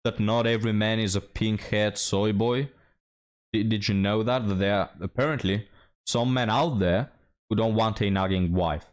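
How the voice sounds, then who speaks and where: A man with a fairly low voice gives a reaction commentary. He speaks bluntly and mocks freely, with plenty of swearing. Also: normal speed. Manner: blunt, mocking, profane. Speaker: commentary host.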